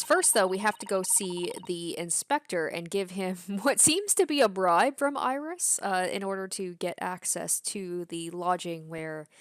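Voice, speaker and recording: A woman doing casual game commentary, reading the dialogue aloud in a giggly, excitable way. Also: on the low side, slight background noise. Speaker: game streamer.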